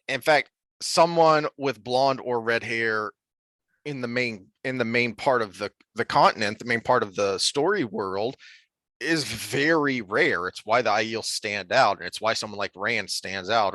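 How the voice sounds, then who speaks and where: A man co-hosting a podcast, talking through a TV series review in an animated, rambling way with frequent restarts. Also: fairly low pitch, measured pace, dry recording. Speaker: podcast co-host. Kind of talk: casual review discussion.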